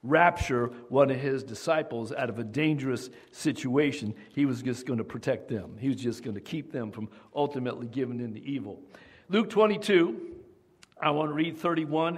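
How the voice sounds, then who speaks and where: Male pastor, emphatic sermon delivery, slightly high pitch, questions the pews. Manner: emphatic, asks the congregation questions.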